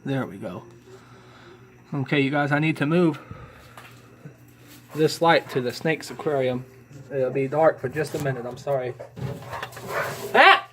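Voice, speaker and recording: A man's voice: medium pitch, normal speed, pauses often, a little hiss or hum. Congested man chatting about his pets. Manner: relaxed, chatty, apologetic asides. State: congested from illness. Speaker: pet keeper filming his animals. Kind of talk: casual narration while filming. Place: home, dimly lit room with tanks.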